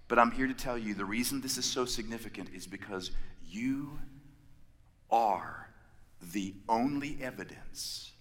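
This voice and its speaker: A man preaching a sermon, emphatic, building his points with repeated phrases and pauses. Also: mid-range voice, pushed and bright. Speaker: pastor. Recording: long reverb of a large hall.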